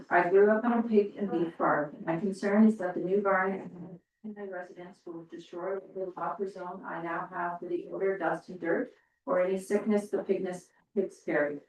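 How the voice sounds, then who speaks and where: A woman on council reading a resident's letter aloud in a steady, plain manner. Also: fairly low pitch, moderate pace. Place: council chamber. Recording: very echoey distant meeting room.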